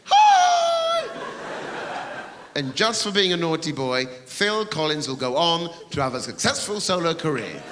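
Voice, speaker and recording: A man's voice: on the high side, sing-song, moderate pace, hardly any pauses, bright, forceful tone. A middle-aged man performing stand-up comedy on stage, playful and mocking. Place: theatre stage. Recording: echoey hall with crowd noise. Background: audience laughter.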